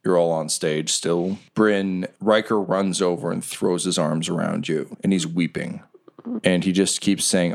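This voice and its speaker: Man, game master, very deep voice, gravelly, vivid storytelling. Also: steady tone, a little mellow. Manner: vivid storytelling, slowing for dramatic moments. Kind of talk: narrating a tabletop game.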